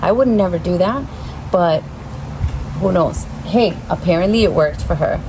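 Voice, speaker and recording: A woman's voice: on the low side, normal speed. A woman chatting casually to camera about her orchids, rambling and easily startled, recorded outdoors by her backyard pergola. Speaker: orchid vlogger. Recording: outdoor recording with clear background noise.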